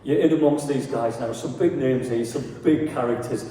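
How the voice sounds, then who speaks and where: A man's voice: mid-range voice, normal speed, warm tone. A man hosting a stage event, putting direct questions to a guest. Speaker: event host, interviewer. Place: large hall at a live event. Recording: echoey hall with crowd, mic from far off.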